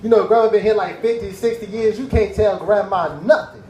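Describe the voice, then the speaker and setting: A man's voice: sits high, steady tone, brisk, darkish tone, echoey room, a little hiss or hum, rough recording. A young man doing a laid-back stand-up routine on a cafe stage, with laughing asides. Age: young adult. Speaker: stand-up comedian.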